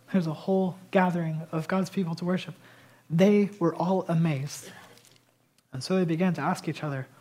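Husky-voiced man preaching a passionate sermon. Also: sits high. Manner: passionate, swings between loud emphasis and quiet intensity. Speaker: pastor.

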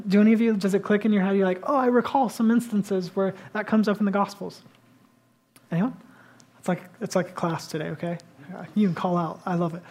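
A man preaching a sermon, conversational and animated, often dropping to a hush for emphasis. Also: high voice. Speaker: pastor.

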